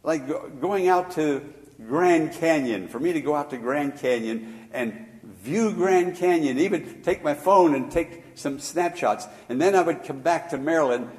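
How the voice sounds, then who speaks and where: An older man preaching a sermon as pastor, shifting from hushed storytelling to loud, emphatic exhortation. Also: a little high, measured pace, in a large hall.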